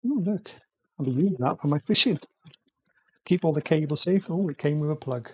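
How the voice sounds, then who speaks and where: A man muttering quietly to himself as he chats casually on a live stream, talking through a build. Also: a little high, lively intonation, fairly quick, slightly rough, no echo, clean studio sound. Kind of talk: casual live-stream chat while working.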